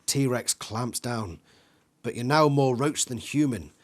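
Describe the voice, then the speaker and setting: A man's voice: mid-range voice, takes it slowly. A man reading an interactive adventure book aloud with drama, acting out sound effects and screams, stopping now and then to think aloud about which choice to make. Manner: acts out sound effects and screams, some slips. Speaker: channel host reading a gamebook aloud.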